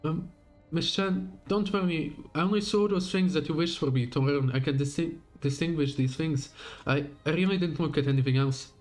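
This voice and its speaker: A gentle but resolute young heroine, read aloud by a man streaming a game. She speaks earnestly and at an even pace, pressing her questions. Quiet game music sits faintly beneath. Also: fairly high pitch, normal speed, lightly acted.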